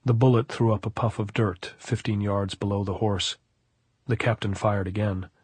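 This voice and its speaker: A male audiobook narrator with a low, husky voice, reading in a steady, even way. The recording is dry and close, with no room sound. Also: moderate pace, no echo. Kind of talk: scripted narration.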